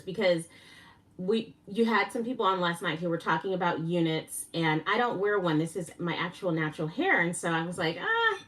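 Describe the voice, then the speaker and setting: Excitable woman on a live stream. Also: medium pitch, recorded from a distance. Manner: excitable, laughs often, gushing thanks. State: flushed and a little winded. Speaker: livestream host. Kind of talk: casual live-stream chat.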